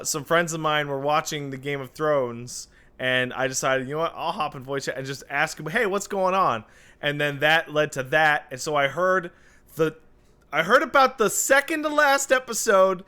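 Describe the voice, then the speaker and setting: A man's voice: a little high, moderate pace, sharp tone, clean tone. A man co-hosting a podcast in casual chat, making wry, joking asides. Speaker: podcast co-host.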